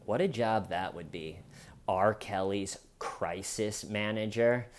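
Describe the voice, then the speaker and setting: A man's voice: on the low side, takes it slowly, slight background noise. A man hosting a casual commentary show, talking in a sarcastic, mocking way. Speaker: host.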